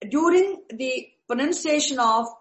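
A woman's voice: sits high, lively intonation, a little slow, low-quality recording. A woman teaching a lecture on Vedic chanting, patiently repeating and rephrasing terms as she explains them.

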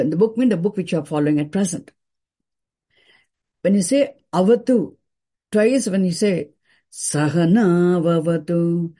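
A woman teaching a scripture class, explaining terms deliberately and repeating key words for emphasis. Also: on the low side, warm tone, slightly rough.

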